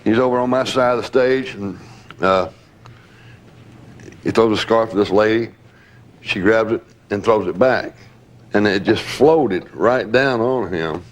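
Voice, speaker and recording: A man's voice: on the low side, unhurried, pauses often. An older man, a former bodyguard, reminiscing candidly and acting out quotes as he tells stories, with occasional laughs. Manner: storytelling, acts out quotes, laughs.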